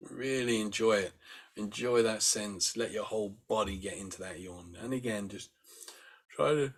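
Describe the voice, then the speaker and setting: A man leading a meditation lesson, talking gently and unhurriedly as he walks listeners through sighing and yawning exercises. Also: lowish voice, breathy edge. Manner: gentle, unhurried, with demonstrated sighs and yawns. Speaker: meditation teacher. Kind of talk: guided breathing instruction.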